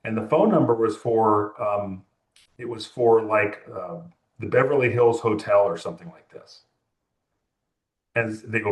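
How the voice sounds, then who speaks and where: Low-voiced man telling a story, echoey room. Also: a little slow. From California. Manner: rambling, many restarts and fillers. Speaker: music photographer. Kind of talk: storytelling interview chat.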